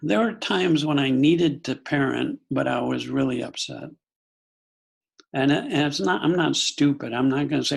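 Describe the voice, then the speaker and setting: A psychologist guest on a podcast, this older man has a husky, gravelly, mid-range voice. He reflects thoughtfully and unhurriedly on family life through anecdotes, often pausing to restart a thought.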